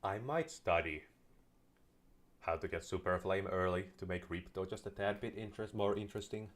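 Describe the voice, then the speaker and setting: Male let's-player with a deep voice, dry sarcastic jokes and casual swearing. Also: moderate pace. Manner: sarcastic, joking, swears freely. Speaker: gameplay commentator. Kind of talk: casual let's-play commentary.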